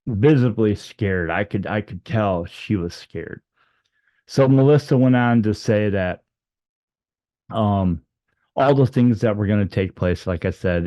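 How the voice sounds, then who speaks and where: A man's voice: darkish tone, dry recording, lo-fi sound. A man telling a personal story off the cuff, rambling with many fillers and restarts and acting out the quoted dialogue. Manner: acts out the dialogue with raised pitch for quoted lines. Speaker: storyteller recounting a near-death experience.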